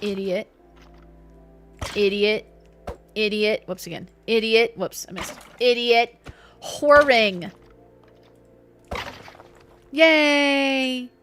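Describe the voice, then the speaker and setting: A woman's voice: mid-range voice, slow, long pauses, soft background music. A woman streaming a game, chatting playfully with her viewers and herself. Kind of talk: casual live-stream chat while gaming.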